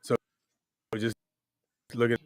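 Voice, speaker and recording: A man's voice: slow, a little mellow, dry recording. A young adult man hosting a casual podcast, talking loosely and joking, with mock-scolding asides. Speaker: podcast host. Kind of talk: casual chat.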